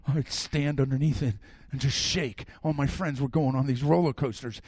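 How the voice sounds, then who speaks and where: A middle-aged man preaching a sermon, telling personal stories in an animated way that swings from loud to soft. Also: mid-range voice, normal speed, few pauses, dry recording. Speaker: pastor.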